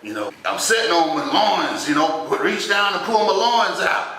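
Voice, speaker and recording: A man's voice: fairly low pitch, lively intonation, a little fast, pushed and bright. A man playing a cheeky old uncle. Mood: insistent. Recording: echoey room, distant mic, faint noise.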